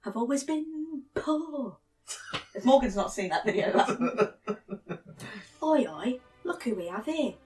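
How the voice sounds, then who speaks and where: A woman's voice: on the high side, lively intonation, slow, pauses often, a little mellow, recorded from a distance, soft background music. A woman with a Northern English accent doing blooper takes of a mock advert read, giggling between lines. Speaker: voice actor.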